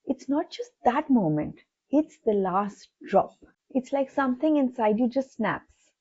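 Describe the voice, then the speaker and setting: A woman psychologist giving a soft, empathetic scripted talk that speaks directly to the listener. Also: medium pitch, slightly rough. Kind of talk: scripted reflective narration. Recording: tinny phone-like sound.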